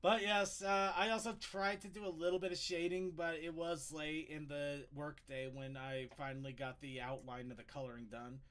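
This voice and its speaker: A man's voice: on the high side, flat delivery, normal speed, few pauses, fairly bright tone, smooth. Chatty laughing man hosting a panel. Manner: rambling, laughs often, restarts words. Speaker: podcast host. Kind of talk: casual panel chat.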